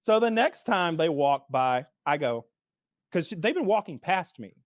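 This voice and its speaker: A man's voice: a little high, unhurried, dry recording, clean studio sound. A man co-hosting a podcast, telling a story in casual chat and mimicking the people in it. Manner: animated, mimics people in his stories. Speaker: podcast co-host.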